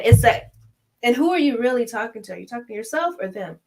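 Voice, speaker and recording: A woman's voice: on the high side, fast talker, rough recording. A woman in her thirties in a casual chat, talking animatedly and acting out quoted voices. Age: 30s. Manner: animated, acts out quoted voices, laughs often. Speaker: podcast co-host.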